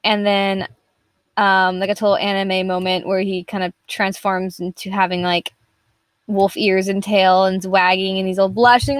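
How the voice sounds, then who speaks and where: A woman's voice: mid-range voice, steady tone, normal speed, dry recording. A young woman chatting casually and rambling while she streams herself drawing, swearing freely along the way. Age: young adult. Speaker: artist streaming her work. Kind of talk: casual live-stream chat.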